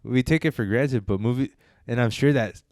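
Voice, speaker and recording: A man's voice: medium pitch, normal speed, a little mellow, no room sound, studio quality. A man co-hosting a casual film review chat, rambling and hesitant with many fillers and restarts. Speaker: podcast co-host reviewing films.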